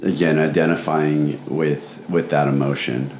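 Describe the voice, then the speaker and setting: Deep-voiced man host in a roomy space. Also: steady tone, a little mellow, a little hiss or hum. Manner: halting, thinking aloud with restarts. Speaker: podcast host. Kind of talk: casual podcast conversation.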